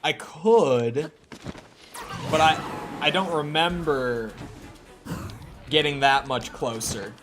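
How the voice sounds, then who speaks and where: A man's voice: fairly high pitch, slow pace, long pauses. A young man streaming a video game, talking to himself in a casual, rambling way with frequent restarts. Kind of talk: casual gameplay commentary.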